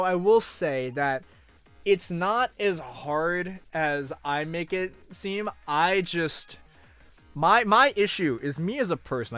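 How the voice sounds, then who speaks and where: A young man chatting casually on a live stream, talking to his chat, moving between mock outrage and low mumbling asides. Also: fairly bright tone, clear, resonant tone, dry recording. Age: young adult.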